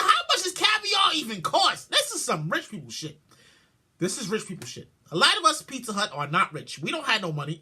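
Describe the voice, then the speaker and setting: A woman podcast host riffing on the news in a high, bright, sharp voice that leaps wildly up and down. She shouts her disbelief, repeats words over and over, swears freely and breaks into laughter. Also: wildly swooping pitch, fairly quick, slightly rough. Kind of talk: comic commentary on news headlines.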